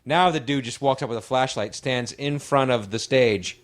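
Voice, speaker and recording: Regular-pitched guy on a podcast, telling a club story, doing everyone's lines. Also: moderate pace. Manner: retelling a shared story with quoted dialogue. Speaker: comedian guest. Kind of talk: casual chat.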